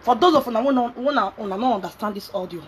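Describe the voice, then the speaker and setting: A woman's voice: fairly high pitch, rapid-fire, a little hiss or hum. A Nigerian woman vlogger ranting angrily and scolding, mixing in pidgin. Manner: angry, scolding, mixes pidgin and Yoruba. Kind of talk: angry rant.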